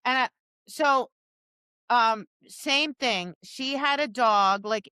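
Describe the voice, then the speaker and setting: Speaking slowly and clearly with a resonant tone, a bright, slightly high-voiced woman dog trainer chats casually as a podcast co-host. She tells lively stories full of acted-out quotes, restarting often, and the close, dry mic picks up no echo.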